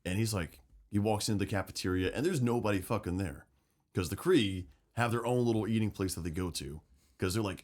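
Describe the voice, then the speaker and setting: A man's voice: fairly low pitch, fairly quick. A man co-hosting a casual podcast chat about a game setting, swearing freely and acting out characters' lines. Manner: animated, swearing, acts out quotes. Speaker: podcast co-host.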